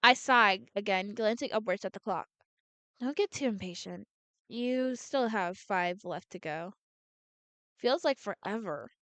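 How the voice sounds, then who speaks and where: A woman's voice: medium pitch, measured pace, sharp tone, no echo. A woman reading a visual novel aloud as a gameplay streamer, voicing every character in her own voice and often restarting words.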